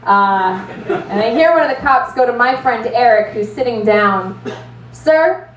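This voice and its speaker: A woman doing stand-up, her voice set a little high and heard from back off the mic in a roomy space. She tells her story in an animated, self-mocking way and swears freely, with a faint hum of ambience under her. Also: moderate pace, recorded from a distance. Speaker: stand-up comedian.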